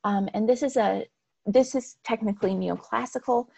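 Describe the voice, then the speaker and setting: A woman's voice: on the high side, normal speed, gravelly, dark tone, husky. A woman lecturing on art history over slides, explaining in a plain way with frequent "um" and "right".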